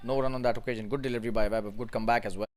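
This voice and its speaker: A man calling a cricket match live, calm and measured between balls and rising sharply in pitch and volume when the action heats up. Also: very noisy. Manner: calm, measured calls that jump high and loud on big moments. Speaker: cricket commentator.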